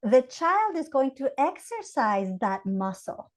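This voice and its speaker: A woman from Ecuador with an Ecuadorian Spanish accent, a Montessori educator explaining ideas with animated acted-out examples in a podcast interview. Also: high voice, slow.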